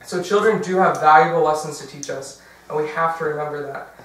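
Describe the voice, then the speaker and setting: A man's voice: a little high, fairly quick, a bit bright. A young man giving a casual workshop talk, chatty, with fillers and self-corrections. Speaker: diocesan workshop presenter. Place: large church hall. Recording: very echoey, from far off.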